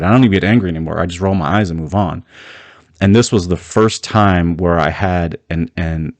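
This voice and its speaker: A man with a very low voice delivers a heated, emphatic solo commentary, often restarting his sentences as he pushes his point. The sound is close and dry, with no room around it. He comes across as a host fired up about his topic. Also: no room sound.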